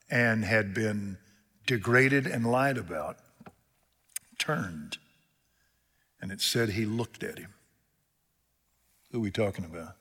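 Impassioned preacher with bright hall reverb. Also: male voice, lowish voice. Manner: impassioned, swings from loud to hushed; retells scripture scenes in plain speech. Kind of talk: sermon.

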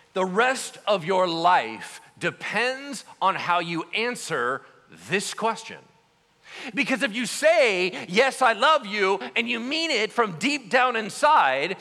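A man preaching a sermon as pastor, conversational and animated, asking his listeners questions as he goes. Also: high voice, long reverb tail.

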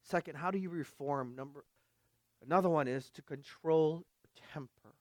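Preaching with emphasis, this pastor questions his audience and shifts from loud exhortation to quiet asides. He has a slightly high voice at a moderate pace, with no echo.

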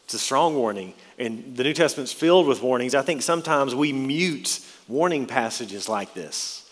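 Man, sermon, earnest, stresses key words, middle pitch, long church reverb. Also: expressive, moderate pace. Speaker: pastor. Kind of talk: sermon with scripture reading. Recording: long reverb of a large hall.

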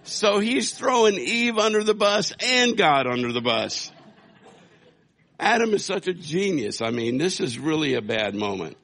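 A man's voice: a little high, very animated, measured pace, fairly bright tone. A man preaching a sermon, telling a scripture story with humor and acting out quotes. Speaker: pastor.

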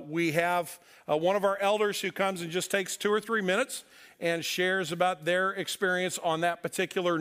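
A man's voice: on the high side, fairly bright tone. Earnest male pastor preaching. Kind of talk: sermon.

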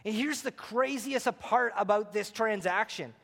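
Passionate high-voiced male preacher in a hall. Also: a little slow, gravelly. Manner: passionate preaching, rising to near-shouts and dropping to quiet. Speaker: pastor. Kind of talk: sermon.

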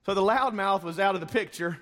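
High-pitched and fairly bright, this pastor's voice moves a little fast. He preaches in a church sanctuary, dramatizing the story and giving voice to its characters. A long reverb from the church hall hangs over the recording.

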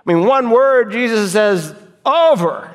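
A pastor giving an emphatic sermon, his voice swinging between loud high calls and low quiet lines. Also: animated, unhurried. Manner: emphatic preaching with sharp swings in pitch and loudness. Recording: long hall reverb.

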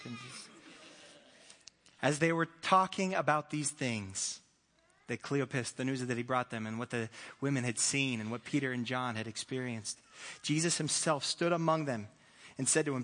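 A man preaching a sermon, telling the story in an animated way with playful asides and voiced characters. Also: mid-range voice, moderate pace, long reverb tail. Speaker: pastor.

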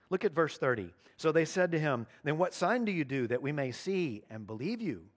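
Man, pastor, earnest sermon delivery, slightly high voice, slows for emphasis. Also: animated.

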